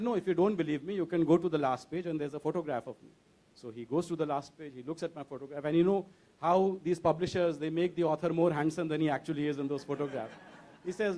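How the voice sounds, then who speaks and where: A man tells anecdotes on a book fair panel. His humor is dry and deadpan. His voice sits a little high for a man. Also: fast. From India. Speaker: panelist, diplomat and author.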